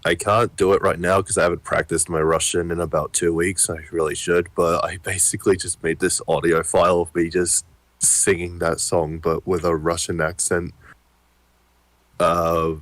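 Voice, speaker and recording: Deep voiced guy cussing a lot while chatting w friends, dead dry audio. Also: little pitch movement, normal speed, a bit bright, dry recording. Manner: crude, profane, joking. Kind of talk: casual chat with friends.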